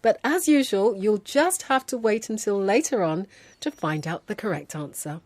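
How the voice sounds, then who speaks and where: A woman from London hosting a scripted educational programme, speaking in a clear, measured way. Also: mid-range voice, animated, a little mellow, no room sound. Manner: clear, measured, quizzing her co-host. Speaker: host.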